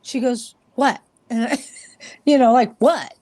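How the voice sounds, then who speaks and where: A woman's voice: fairly high pitch, steady tone, measured pace, dark tone, no echo. A woman being interviewed as a paranormal investigator, telling rambling, chatty stories and acting out the voices of the people in them. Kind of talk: casual interview storytelling.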